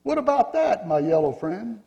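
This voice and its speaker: A man's voice: high-pitched, sing-song, normal speed, creaky, warm tone, in a large hall, highs cut off, voice pushed up, heavily acted. A man voicing a pink wooden figure who keeps asking skeptical questions in a storybook reading. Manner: curious, skeptical, pressing questions.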